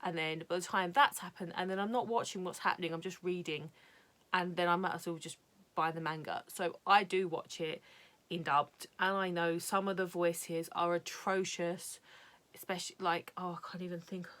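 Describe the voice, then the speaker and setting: This is a young woman with a British accent, speaking in a slightly lower register than most women. She chats freely and candidly about her anime collection, rambling along with frequent fillers and the occasional cheerful swear word. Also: fairly bright tone. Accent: British English. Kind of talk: casual chat.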